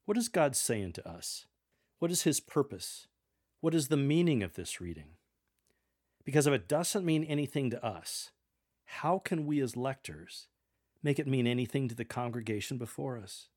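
A man giving measured, earnest instruction on how to read scripture aloud to a congregation. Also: medium pitch, expressive, darkish tone. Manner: measured, earnest, with demonstrated readings. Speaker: lector coach.

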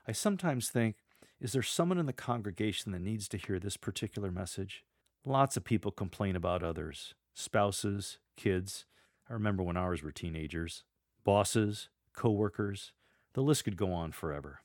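Low-voiced man coaching scripture reading. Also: darkish tone, no room sound, clean studio sound. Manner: measured, demonstrates readings aloud with deliberate pauses. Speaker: lector coach. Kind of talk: instructional podcast on scripture reading.

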